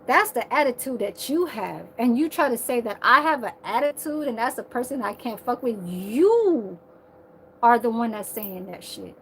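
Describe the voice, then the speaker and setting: A woman's voice: fairly high pitch, expressive, moderate pace, slight background noise. A woman in her thirties, ranting in a heated, profane, repetitive way on a casual livestream. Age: 30s.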